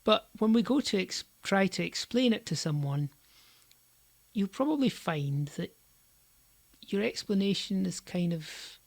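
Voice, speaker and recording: Woman, language teacher, unhurried, measured explaining voice. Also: medium pitch, expressive, vocal fry, no echo. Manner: slow, deliberate explaining with stressed example sentences. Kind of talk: scripted language lesson.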